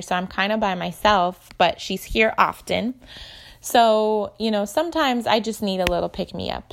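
A young woman with a gravelly, fry-edged voice recounts a personal story straight to her viewers. Her delivery is candid and emotional, like confiding in friends. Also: mid-range voice. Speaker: vlogger.

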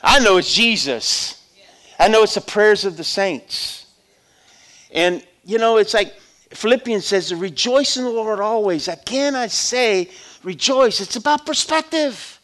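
A middle-aged man preaching a personal testimony as a sermon, conversational, swinging from loud exhortation to hushed storytelling. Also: high voice, expressive, measured pace.

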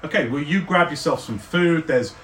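A man narrating as game master, describing the scene at length with frequent fillers and pauses. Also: on the high side, fairly bright tone, slight background noise. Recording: roomy, distant mic.

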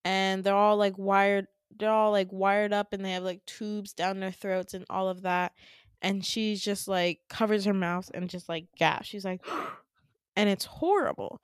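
A woman's voice: mid-range voice, flat delivery, measured pace, clean tone, no room sound, studio quality. A young woman, a podcast host, tells a dream story casually, with lots of fillers and laughing asides.

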